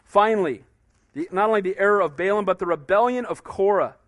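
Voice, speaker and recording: A man's voice: high voice, brisk, fairly bright tone, dry recording, studio quality. A man pastor preaching in a conversational style, often asking "Amen?" and acting out quotes. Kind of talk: sermon.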